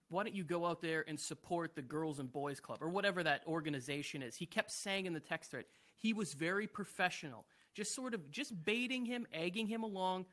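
A man co-hosting a sports podcast who gives quick, opinionated takes and mimics the people he discusses. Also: sits high, pushed and bright. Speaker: co-host. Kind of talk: casual sports talk.

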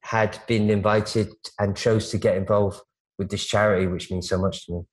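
A man's voice: fairly low pitch, flat delivery, moderate pace, low-quality recording. A man, a stylist, chatting as a guest in an interview, telling long stories full of restarts and fillers. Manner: rambling, storytelling with frequent restarts and fillers. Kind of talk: casual interview chat.

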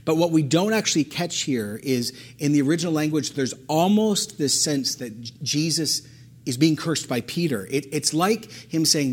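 A man preaching a sermon, animated and emphatic, repeating phrases and acting out the words of the people in his story. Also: on the high side, moderate pace, slightly rough. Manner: animated, acts out quotes, emphatic repetition. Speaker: pastor.

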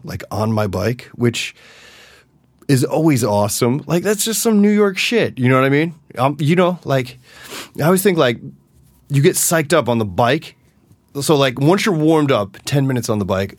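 Animated, profane man on a podcast. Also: mid-range voice, no room sound. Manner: animated and profane, swings from loud bursts to mutters. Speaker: podcast host. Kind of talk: casual solo podcast chat.

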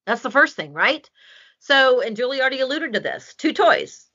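A woman dog trainer chats casually on a podcast, telling stories in an animated way with plenty of fillers. Her voice swings lively up and down with a bright, slightly husky tone. The recording sounds dull and lo-fi. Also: high-pitched, moderate pace. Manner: animated storytelling with many fillers.

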